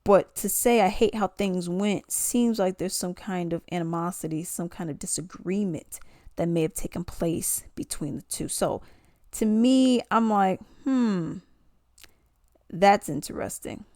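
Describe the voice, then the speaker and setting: A woman's voice: lowish voice, measured pace, mellow, dry recording, clean studio sound. A woman giving casual commentary, reading posts aloud and questioning the wording. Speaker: commentary vlogger.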